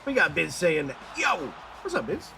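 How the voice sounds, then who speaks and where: A man doing lively play-by-play on a live stream, joking and reading out viewer messages. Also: a little high, a little slow, creaky. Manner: upbeat, jokey, reads chat aloud. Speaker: play-by-play caster. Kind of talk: live stream game commentary. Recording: stream mic with game music behind.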